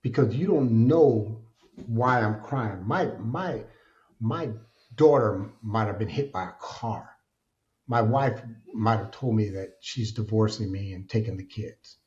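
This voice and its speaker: A middle-aged man tells his story with candor, his voice dark and mellow. He speaks in an earnest, colloquial way and grows animated in places. The recording is dull and slightly lo-fi. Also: fairly low pitch, a little slow. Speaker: podcast guest. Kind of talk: candid personal storytelling. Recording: dull lo-fi sound.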